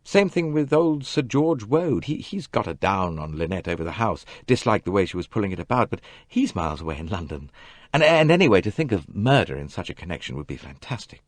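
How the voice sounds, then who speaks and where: A man's voice: on the low side, sing-song, no room sound. A man reading an audiobook, voicing a bewildered, injured young man who stammers and halts. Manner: stammering, halting. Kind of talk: audiobook character voice.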